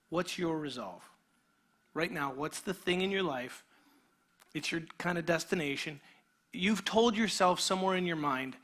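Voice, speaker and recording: Male pastor, sermon, conversational, quiet passages and animated bursts, high voice. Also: normal speed. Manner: shifts between quiet intimate passages and energetic animated retelling; conversational, with restarts and filler words.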